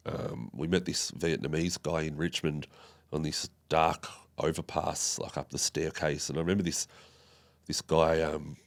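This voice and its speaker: A young Australian man from Tasmania appears as a podcast guest, recounting a personal story haltingly with plenty of fillers and restarts. His voice is very deep and creaky.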